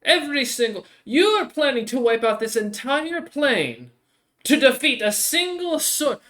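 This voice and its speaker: A man's voice: extremely high pitch, big pitch swings, a little slow, fairly bright tone, voice pushed up, heavily acted. A man voicing a menacing sentient blade that has taken over a body, cold and contemptuous. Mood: scornful.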